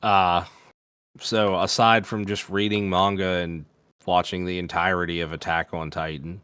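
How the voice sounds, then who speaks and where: Male podcast co-host, low voice, dry close sound, relaxed rambling storyteller. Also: normal speed, smooth, no room sound. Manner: loose, laid-back storytelling with fillers and swearing. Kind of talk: casual chat, storytelling.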